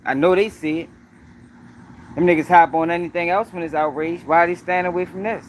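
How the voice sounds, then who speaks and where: Slight background noise accompanies a man with a slightly high, steady-toned voice who speaks fairly quickly. He hosts his own news commentary livestream, pressing his points emphatically, repeating them, and speaking straight to viewers.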